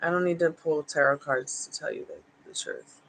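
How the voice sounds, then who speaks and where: A woman with a deep, gravelly, slightly bright voice speaks at a moderate pace over poor audio. She hosts a casual tarot livestream from home, reading out answers to viewers and slipping into cooing baby talk to her dogs on the couch between replies.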